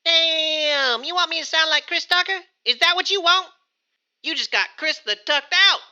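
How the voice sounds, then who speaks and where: Shrill yelling guy impression by a woman, super bright, kinda muffled. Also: exaggerated voice. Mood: brash. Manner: loud, rapid, exclaiming. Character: brash male AI doing a loud celebrity impression. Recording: dull lo-fi sound.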